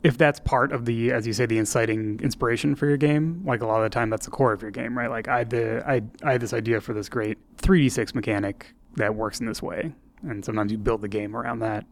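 A man's voice: mid-range voice, steady tone, fast, a little hiss or hum. A man co-hosting a podcast about game design, thinking aloud in casual chat with frequent restarts and fillers.

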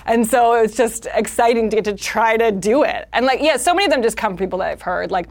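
A woman's voice: fairly high pitch, fast, hardly any pauses. A woman comedian in a casual interview, talking animatedly and slipping into character voices. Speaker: comedian guest.

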